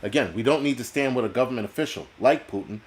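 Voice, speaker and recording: A man from the United States talks at an ordinary middle pitch while running a live stream. He rants bluntly and swears often, answering chat in a rambling flow. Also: quick pace. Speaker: host. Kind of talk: ranting live-stream talk reading chat.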